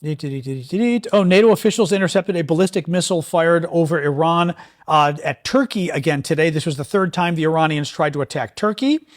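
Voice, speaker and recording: A man's voice: fairly high pitch, a little fast. A man reading headlines on a livestream and commenting on them in a sarcastic, exasperated way, with many fillers and restarts.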